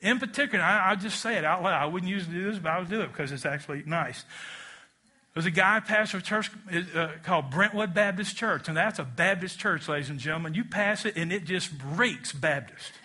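A male pastor preaches to a congregation in church. His voice sits high and rings bright and forceful. He delivers the sermon with animated swings and pulls the crowd into call-and-response. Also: fairly quick.

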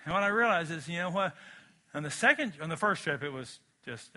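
Bright, high-voiced preaching man. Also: brisk. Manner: animated, emphatic preaching with acted-out voices. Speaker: pastor. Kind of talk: sermon.

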